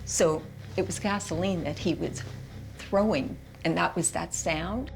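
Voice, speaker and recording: A middle-aged woman from Canada giving a halting interview testimony, repeating words and quoting her own thoughts. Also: on the low side, creaky, soft background music. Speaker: interviewee recounting her experience.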